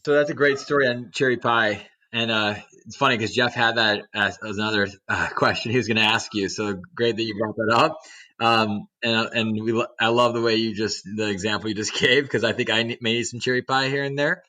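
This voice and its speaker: A man hosting a podcast, asking long, halting questions full of fillers. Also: on the low side, fairly even intonation, bright, forceful tone, low-quality recording. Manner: rambling, halting, lots of fillers. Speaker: podcast host. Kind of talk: casual interview chat.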